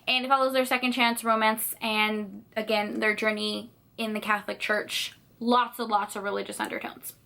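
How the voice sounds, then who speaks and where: A woman's voice: medium pitch, level tone, normal speed, gravelly, hardly any pauses, pushed and bright. A woman in her twenties chatting in a reading vlog, bubbly and gushing, with lots of fillers. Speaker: book vlogger.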